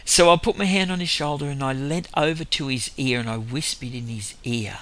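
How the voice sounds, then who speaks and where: A lay minister with an Australian accent gives a storytelling testimony, rambling through faith stories, chuckling between them and correcting himself as he goes. His voice is medium-pitched and fairly bright, at a moderate pace.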